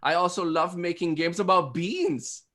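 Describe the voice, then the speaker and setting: A man's voice: sits high, big pitch swings, moderate pace, fairly bright tone, pitched above the performer's own voice, heavily acted. A man voicing a flirty German game designer on a speed date, in a put-on German accent and a coy, teasing manner.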